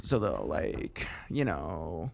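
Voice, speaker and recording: A man's voice: extremely low pitch, wildly swooping pitch, very slow, creaky, a little mellow. A man hosting a podcast, chatting casually, restarting his sentences and swearing freely. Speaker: podcast host. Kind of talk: casual chat.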